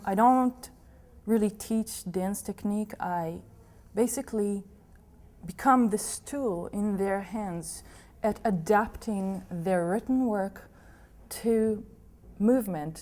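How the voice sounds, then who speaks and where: A woman from Israel, a dance teacher, speaking in a documentary interview, thoughtful and quick to laugh. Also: mid-range voice, a little mellow. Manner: slow, thoughtful, laughing often.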